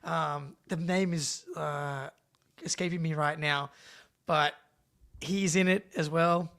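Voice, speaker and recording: A man co-hosting a casual sports podcast, animated and swearing casually as he chats. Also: on the high side, slow, vocal fry. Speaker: podcast co-host.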